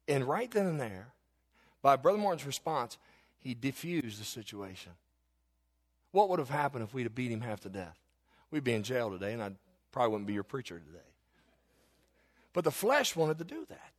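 A man preaching a sermon as a pastor, telling a personal story and building to fervent, shouted exhortation. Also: medium pitch, lively intonation, brisk, long pauses, big-room sound.

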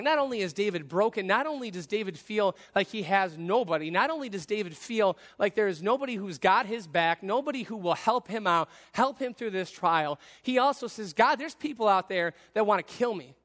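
A man delivers a sermon in an earnest, rising way, dramatizing the scripture he reads. His voice sits high for a man. The sound rings with the long reverb of a large church hall. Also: animated, brisk, hardly any pauses, fairly bright tone.

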